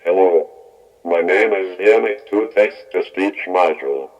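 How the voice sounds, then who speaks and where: A very deep male speech-synthesizer voice standing in for a menacing robot, run through a metallic flanger effect and reverb, with a flat mechanical delivery. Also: a little slow. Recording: dull lo-fi speaker playback.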